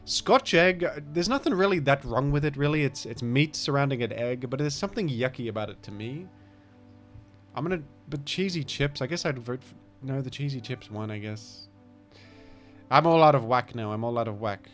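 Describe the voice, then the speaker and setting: A man with a mild Australian accent rambles through casual game commentary at an ordinary pitch. He keeps apologizing for himself, and his remarks often sink into low, mumbled asides. Faint music plays quietly behind him. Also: lively intonation, moderate pace. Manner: rambling, self-deprecating, trails off into mumbled asides. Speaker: gaming streamer.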